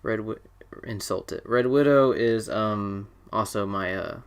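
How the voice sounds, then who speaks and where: A man's voice: on the low side, unhurried, vocal fry. A teenage boy hosting a casual podcast chat, rambling and joking with lots of fillers and restarts. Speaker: podcast host.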